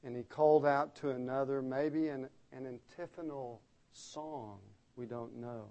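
A man's voice: medium pitch, fairly even intonation, measured pace, darkish tone, dull audio. A man preaching an expository sermon, explaining the text earnestly and stressing key words by repeating them.

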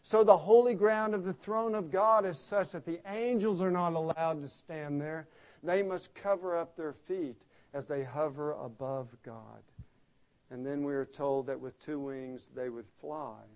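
A man's voice: fairly high pitch, unhurried. A man preaching an expository sermon, explaining the text earnestly and stressing key words by repeating them.

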